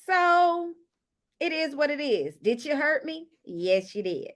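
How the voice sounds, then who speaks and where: A woman casually recapping a reality show episode, chatting to viewers with lively asides and storytelling. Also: high voice, slow pace.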